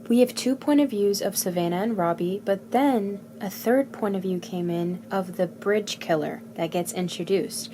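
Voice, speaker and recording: A young woman talks through her month of books in an easygoing vlog, blunt and lively, with quick drops into quieter asides. Her voice sits at an ordinary middle pitch. A faint hiss of background noise runs under the recording. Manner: candid, animated, blunt, swings to soft asides. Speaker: book vlogger. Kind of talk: casual reading vlog chat.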